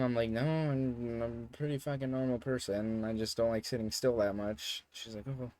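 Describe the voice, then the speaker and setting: A man's voice: medium pitch, fairly even intonation, moderate pace, hardly any pauses, a little mellow, no echo. A young man telling a story in a casual vlog, rambling and joking, with some swearing. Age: young adult. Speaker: vlogger.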